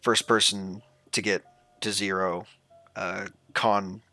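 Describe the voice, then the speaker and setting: A man acting as game master, explaining the rules in a relaxed, rambling way. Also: deep voice, slow pace, dry recording, faint music behind.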